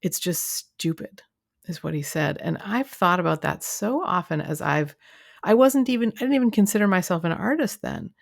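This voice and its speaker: A woman's voice: on the low side, lively intonation, brisk, creaky, no room sound, studio quality. A woman hosting her own podcast as a coach, talking in a chatty, rambling way with lots of fillers and restarts. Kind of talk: casual solo podcast monologue.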